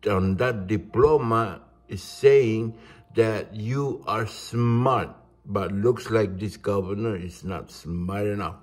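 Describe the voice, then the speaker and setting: A man, ranting in a halting, indignant monologue. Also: lowish voice. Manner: indignant, halting, restarts words. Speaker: vlogger.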